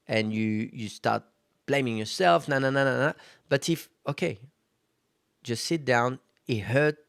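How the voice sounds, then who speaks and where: Gravelly-voiced man hosting a solo podcast. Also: mid-range voice, dry recording, clean studio sound. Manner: conversational, self-reflective, frequent fillers. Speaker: podcast host. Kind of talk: casual solo podcast monologue.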